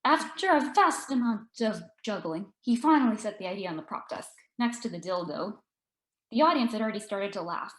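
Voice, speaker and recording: A woman author reading her own story aloud in an expressive, dry narrating voice. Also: medium pitch, normal speed. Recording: echoey room.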